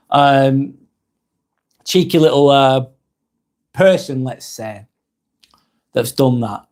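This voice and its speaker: A British man hosting a live stream, reading viewer comments aloud and answering them in a soft, sympathetic way with light laughs. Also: medium pitch, unhurried, long pauses.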